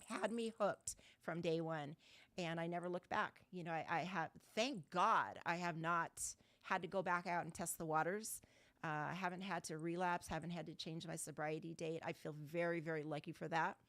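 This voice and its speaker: A middle-aged Southern Californian woman, the guest speaker at an online video call meeting, tells her recovery story with blunt candor and casual cursing. Her low, fairly bright voice moves at a normal speed with fairly even intonation, and the audio is close and dry, free of room echo.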